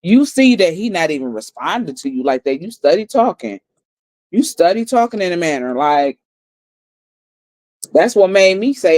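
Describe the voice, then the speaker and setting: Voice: mid-range voice, big pitch swings, moderate pace, pauses often, a little mellow, dry recording. Blunt, profane livestream storyteller. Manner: blunt and profane, repeating lines for emphasis. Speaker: livestream host. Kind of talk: heated storytelling recap.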